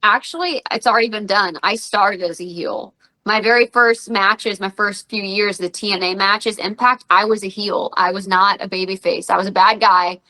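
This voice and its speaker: A woman's voice: medium pitch, moderate pace, rough recording. A woman in her thirties, a wrestler and radio personality, telling stories in a casual podcast interview and acting out the quotes. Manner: animated storyteller, acts out quotes.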